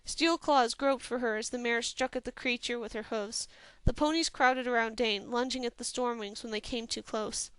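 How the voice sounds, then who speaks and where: A woman reading a fantasy novel aloud as a steady, even storyteller from a home recording. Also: a little high, moderate pace, few pauses, smooth, no room sound. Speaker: audiobook reader. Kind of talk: scripted fantasy novel narration.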